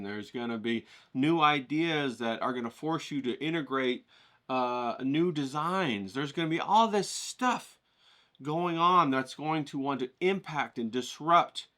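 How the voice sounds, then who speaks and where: Bright-voiced man coaching an art lesson. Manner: coaching, checks in often with "okay?"; animated, rises in pitch when excited. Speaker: art teacher.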